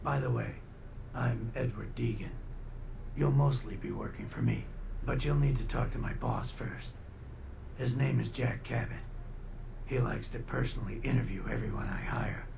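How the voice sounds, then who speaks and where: Businesslike recruiter. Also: male voice, mid-range voice, moderate pace, creaky, noisy background. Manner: polite, businesslike. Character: smooth male recruiter for a wealthy family. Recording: game audio with background ambience.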